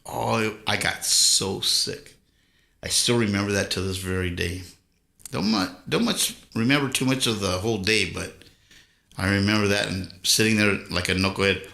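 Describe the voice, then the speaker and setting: A man's voice: on the low side, normal speed, creaky, pushed and bright, roomy sound. A man from Southern California hosting a live stream, chatting casually with viewers and telling rambling stories with frequent chuckles. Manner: easygoing storytelling, chuckles often. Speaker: live stream host reading viewer chat.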